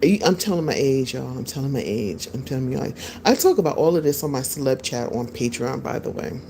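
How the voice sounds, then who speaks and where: Low mellow-voiced woman chatting to viewers. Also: lively intonation, brisk, gravelly, slight background noise. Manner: chatty, rambling, talks to viewers. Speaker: podcast host. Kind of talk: casual live-stream chat. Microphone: phone.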